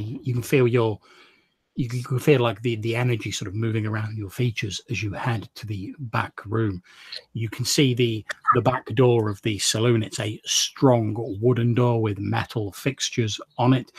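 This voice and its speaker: A man's voice: medium pitch, gravelly, breathy edge. A man narrating as game master, often restarting his phrases as he describes scenes. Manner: frequent stammered restarts.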